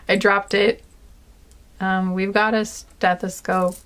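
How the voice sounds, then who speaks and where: A woman's voice: mid-range voice, little pitch movement, fairly bright tone, clean tone. A woman doing a pick-a-card reading, chatting casually and giggling now and then while she is tired with a sore back. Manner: slow, meandering, giggly, talks to viewers as guys. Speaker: tarot reader.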